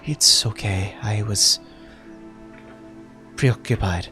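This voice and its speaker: A man voicing a shy young tiefling woman who speaks quietly and hesitantly. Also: lowish voice, slow pace, faint music behind, voice pushed down.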